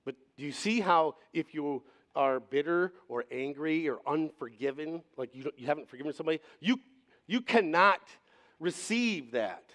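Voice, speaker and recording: A man's voice: on the high side, lively intonation, moderate pace, fairly bright tone. A male pastor giving a sermon in a conversational manner, acting out quoted voices as he speaks.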